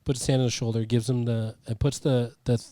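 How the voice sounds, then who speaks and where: A man's voice: mid-range voice, brisk, no room sound. A young man co-hosting a casual movie review, eagerly retelling scenes with lots of restarts. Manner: animated retelling with frequent restarts and fillers. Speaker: podcast co-host.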